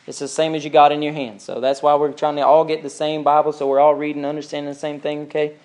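A man with a fairly high voice teaches a church Bible study. He talks with the group, puts questions to them and leans hard into the scripture he reads aloud. It sounds like a classroom at church. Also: monotone, fast talker, darkish tone.

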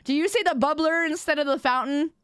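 A woman's voice: high voice, fast, fairly bright tone, no echo, clean studio sound. A young adult woman live streamer in casual gaming chat, playfully teasing her viewers.

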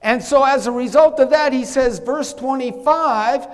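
A man's voice: very high voice, normal speed, long reverb tail. A man preaching a sermon as pastor, emphatic, calling on the congregation to answer back. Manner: emphatic, calls for congregation responses. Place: church sanctuary.

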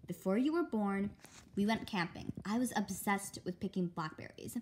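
A woman reading a graphic novel aloud with expressive storytelling. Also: mid-range voice, normal speed, a little hiss or hum. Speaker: reader.

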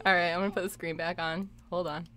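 A woman's voice: lowish voice, flat delivery, fast, pushed and bright. A young woman chatting casually on a live game stream, laughing a lot and reading viewer comments aloud. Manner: giggly, laughs often, reads chat aloud. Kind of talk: live gameplay stream chat.

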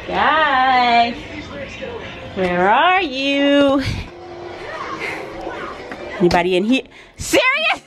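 High, lively woman laughing through a vlog. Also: very slow, pauses often, over music. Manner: playful, laughs often, teasing. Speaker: family vlogger. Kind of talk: casual family vlog. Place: vacation resort. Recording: loud crowd chatter behind.

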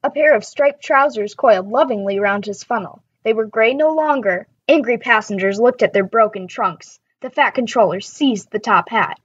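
A woman narrating a children's railway story in a brisk, lively way. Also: on the high side, breathy edge, no room sound, dull audio. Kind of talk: storybook read-aloud. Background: background music.

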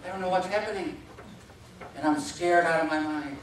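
Animated man telling a comic speech in an echoey hall. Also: high voice, normal speed, pauses often, a little hiss or hum. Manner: animated, self-mocking storytelling. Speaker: contest speaker. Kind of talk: humorous contest speech. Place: large hall with a live audience. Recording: echoey hall, distant mic, audience laughter.

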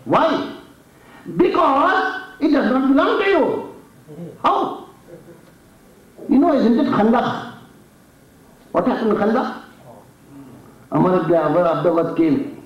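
Indian guy preaching, acts out the story, high lively voice, big echo from far off. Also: takes it slowly, long pauses. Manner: dramatic storytelling, acting out challenges in a raised voice. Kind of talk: sermon. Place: mosque hall. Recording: echoey hall, distant mic, dull sound.

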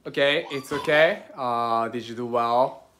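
A man with a Japanese accent leads a livestreamed sword lesson from home. He talks haltingly, with many fillers, coaching and reassuring his students. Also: mid-range voice, fairly bright tone, a little hiss or hum. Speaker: sword instructor.

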